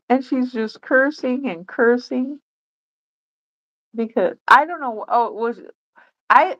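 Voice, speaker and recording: A woman's voice: mid-range voice, fairly bright tone, lo-fi sound. Rambling, chatty woman livestreamer. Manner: rambling, chatty, many fillers. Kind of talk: casual livestream chat.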